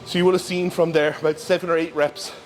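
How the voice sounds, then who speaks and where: A man giving casual, instructive commentary during his own gym workout, talking through form cues in a relaxed way. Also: a little high, fast, background noise. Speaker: bodybuilder and coach. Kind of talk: casual training vlog commentary.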